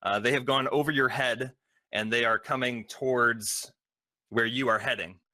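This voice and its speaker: A man's voice: medium pitch, fairly even intonation, pushed and bright, dry recording. A man running a tabletop game as game master, narrating with many ums and uhs. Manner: halting, filled with ums and uhs.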